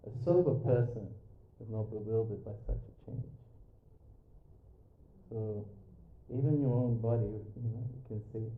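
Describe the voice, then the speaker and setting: A man's voice: lowish voice, measured pace, pauses often. Chatty man, tinny echoey recording. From Australia. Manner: jokey, chatty, many fillers. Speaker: spiritual speaker. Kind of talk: lecture with audience banter. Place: yoga studio. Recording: echoey room, tinny phone-like sound.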